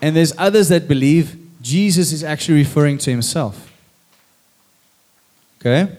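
A man's voice: fairly high pitch, normal speed. A man preaching a sermon in church, who tells the story with drama and acts out the lines. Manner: lively and dramatic, acting out lines. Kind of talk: sermon with acted scripture. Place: church stage with a congregation.

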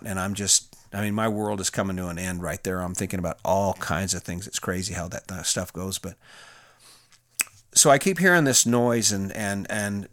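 A middle-aged man tells his own story in a candid, plain-spoken way, full of restarts and fillers. His voice sits low. The recording is dry and close. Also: fairly bright tone, dry recording. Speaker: former federal prison officer. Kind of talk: personal storytelling to camera.

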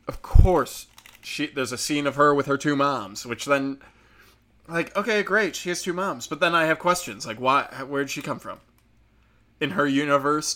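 A man giving a casual, profane and sarcastic movie review, mocking the characters with quick impressions. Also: medium pitch, pushed and bright. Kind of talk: casual rant.

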